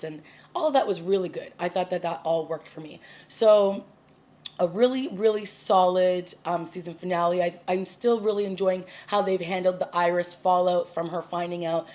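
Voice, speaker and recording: A woman's voice: lowish voice, fairly even intonation, normal speed, darkish tone. A woman recapping and reviewing a TV episode in a casual, chatty way, full of fillers and restarts. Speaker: TV review vlogger.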